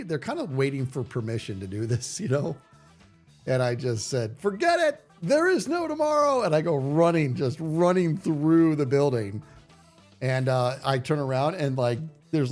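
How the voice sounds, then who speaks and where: A man in his forties, a livestream host telling a story in a casual way, animated and rambling, with many restarts. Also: medium pitch.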